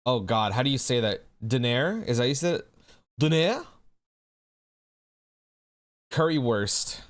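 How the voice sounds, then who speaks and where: A male streamer chatting casually with his viewers in a relaxed way. He swears freely and calls people bro. His voice sits at an ordinary middle pitch for a man. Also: unhurried. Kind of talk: casual chat with a live audience.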